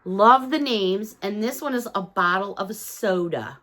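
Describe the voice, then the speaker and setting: Woman, gushing, chatty, bright, casual unboxing talk. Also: mid-range voice, unhurried. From Chicago, USA. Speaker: haul vlogger.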